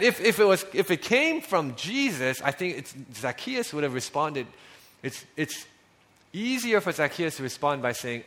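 Man, pastor, sermon, conversational, slightly high voice, very lively pitch. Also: moderate pace. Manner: conversational, with frequent fillers and restarts, dropping soft on key lines.

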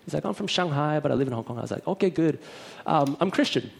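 A man's voice: on the high side, animated, rapid-fire, vocal fry, breathy edge. A man who is a minister, telling a personal testimony in a chatty storytelling way and acting out both sides of the conversation.

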